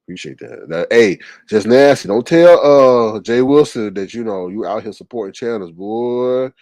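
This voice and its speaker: A man hosting a casual livestream and reading chat comments, speaking with an animated, gossipy manner full of exclamations. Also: mid-range voice, normal speed, dry recording.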